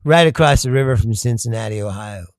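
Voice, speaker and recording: A man from Kentucky, chatting casually with his viewers, telling loud stories and laughing often. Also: medium pitch, quick pace, no room sound. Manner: laughing often, loud storytelling with sudden shouts. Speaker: comedian streamer. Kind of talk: casual chat with live chat.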